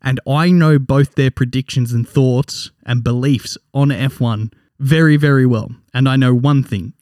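A man's voice: mid-range voice, steady tone, measured pace, darkish tone, dry recording, clean studio sound. An Australian man in his twenties hosting a casual sports podcast, chatty and joking with his guests. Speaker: podcast host.

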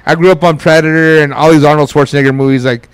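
Laid-back tipsy man, slightly high voice. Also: fairly even intonation, fast talker, clean tone. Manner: laid-back, laughing, crude joking. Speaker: podcast co-host. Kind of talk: casual chat.

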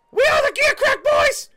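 A man voicing a tiny, excitable male goblin bandleader who squeaks and shouts his announcements. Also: exaggerated voice.

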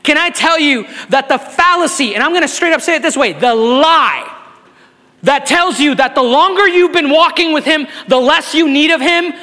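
A man, a pastor, delivering an impassioned sermon to a live congregation, building up to shouts and often restarting phrases. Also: extremely high pitch, animated, moderate pace, long reverb tail. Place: church sanctuary with a live congregation.

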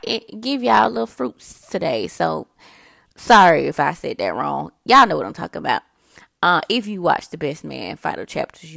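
Lady podcasting, lots of vocal fry, dead dry sound, just rambling to y'all. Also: fairly low pitch, fairly bright tone, dry recording. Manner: chatty, addresses listeners as y'all. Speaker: podcast host. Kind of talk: casual motivational monologue. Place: indoors, early morning.

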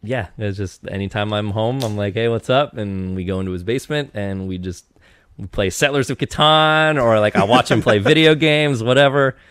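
A man's voice: on the low side, moderate pace, a bit bright, clean tone, no echo. A young man from Eastern Washington, a podcast guest, chatting casually into a handheld mic and rambling with lots of restarts and fillers. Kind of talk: casual chat.

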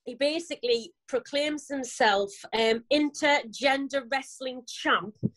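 A woman chatting casually, rambling through an animated retelling. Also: high voice, measured pace, rough recording. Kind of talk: casual chat.

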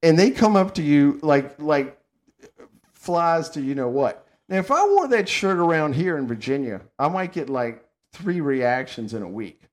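A man from the Southern United States hosting a podcast, telling stories in a casual, animated way and laughing often. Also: a little high, moderate pace. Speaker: podcast host. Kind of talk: casual chat.

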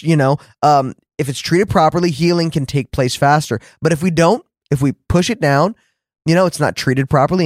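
A man hosting a faith podcast, teaching in an earnest, conversational way and acting out his own words with lively shifts. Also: on the high side, no echo, clean studio sound. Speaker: podcast host and preacher.

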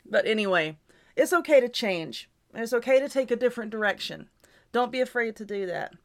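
Lady youtuber rambling advice, kinda high voice, hiccupy. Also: expressive, brisk. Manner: chatty, repetitive, reassuring. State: stifling hiccups. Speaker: YouTuber and podcast host. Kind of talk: casual advice monologue.

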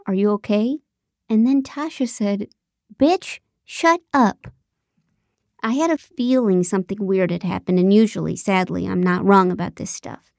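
Audiobook narrator, woman; dry, deadpan comic read, close and dry sound. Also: mid-range voice, dry recording. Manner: wry, deadpan, sarcastic. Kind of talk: first-person comic narration.

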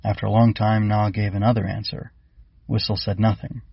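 A man narrating a storybook in a steady, plain reading voice. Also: on the low side, fairly quick, gravelly, husky, dry recording, highs cut off. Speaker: author and audiobook narrator.

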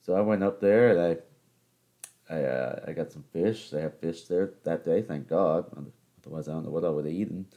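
A young man speaks briskly in a low-pitched voice, with dull audio. Hosting a podcast alone, he delivers a casual monologue, rambling through stories off the cuff, joking and interrupting himself.

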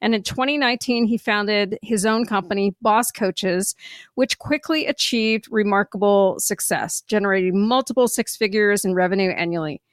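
A woman's voice: mid-range voice, moderate pace, clean tone, dry recording. A middle-aged woman hosts a podcast, first reading a scripted introduction and then chatting easily. She laughs often, and her voice sits dry and close to the microphone. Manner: bright and warm, laughs often. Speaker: podcast host.

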